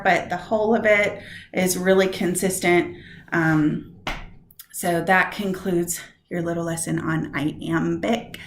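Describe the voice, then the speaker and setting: A woman teacher giving a recorded lesson on poetry meter, walking through stress patterns slowly and step by step. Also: medium pitch, a bit bright, roomy sound.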